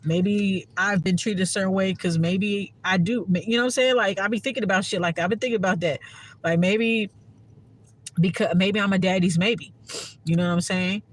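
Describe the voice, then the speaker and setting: A woman's voice: medium pitch, steady tone, moderate pace, slight background noise. A woman giving a heartfelt, profane casual monologue to her viewers as a spiritual content creator.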